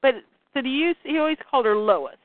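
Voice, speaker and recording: A woman's voice: sits high, expressive, fast, no room sound. A woman co-hosting a casual chat, retelling comic scenes and reading the dialogue aloud. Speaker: comics podcast co-host. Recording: tinny phone-like line, dry.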